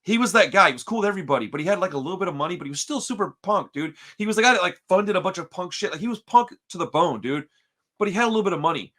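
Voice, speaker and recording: A man's voice: high-pitched, very fast. A man hosting a podcast, telling a story in casual, profane chat and calling everyone "dude". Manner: animated, profane, says "dude" constantly. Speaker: podcast host.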